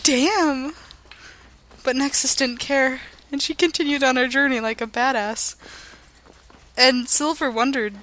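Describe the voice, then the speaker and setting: A woman's voice: high voice, steady tone, a little slow, pauses often, fairly bright tone. A young woman narrating her video game playthrough like a goofy storybook, full of silly asides. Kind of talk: playful let's-play narration.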